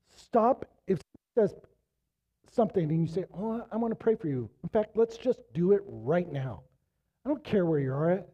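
A man's voice: on the high side, muffled recording. A middle-aged man preaching a sermon in a conversational storytelling way, rising to emphatic exhortation, while losing his voice. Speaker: pastor.

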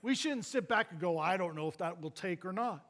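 A man preaching a sermon as pastor, swinging between emphatic exhortation and low, quiet points. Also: lively intonation, brisk.

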